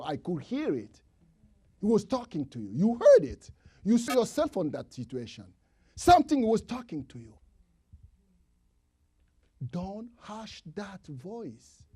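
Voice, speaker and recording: Male preacher, high husky voice, sermon delivery, dramatic swings between shouting and whispering. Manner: swings from loud emphatic calls to hushed whispers; non-native English phrasing, repeats for emphasis.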